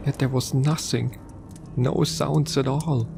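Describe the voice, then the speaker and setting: A man narrating a first-person horror story in a somber, measured way. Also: medium pitch, fairly even intonation, gravelly, background noise.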